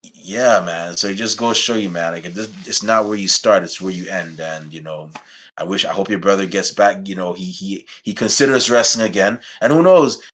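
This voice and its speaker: Animated male podcast host, casual. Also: sits low, fairly quick. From Guyana. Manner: animated, laughing while putting on a playful accent. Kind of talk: casual interview chat.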